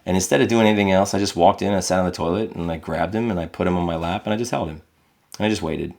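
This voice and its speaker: A man's voice: low voice, racing, vocal fry, darkish tone. A middle-aged man, a podcast guest, telling candid, reflective stories about his parenting and acting out quotes in a raised voice. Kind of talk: candid conversational storytelling.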